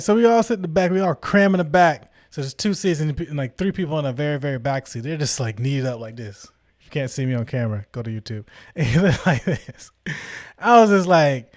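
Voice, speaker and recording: A man vlogging, telling a story casually in animated, slangy talk and acting out the people he quotes. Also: fairly high pitch, fairly quick, dry recording, clean studio sound.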